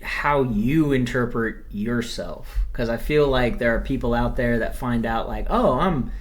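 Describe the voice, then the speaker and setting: A young man co-hosts a podcast in a middle-pitched voice, trading jokes and quick asides in loose, casual chat. He leans into playful banter. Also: steady tone. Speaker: podcast co-host.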